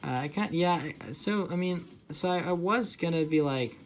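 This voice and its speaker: A man's voice: high-pitched, moderate pace, soft background music. Young man rambling casually while drawing. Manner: rambling, heavy on filler words and restarts. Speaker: artist vlogger.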